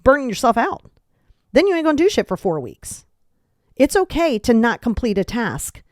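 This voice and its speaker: A young adult woman hosting a podcast, giving blunt, animated self-help advice in a casual way with mild swearing. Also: on the high side, normal speed, no room sound, studio quality. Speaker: podcast host. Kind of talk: casual motivational talk.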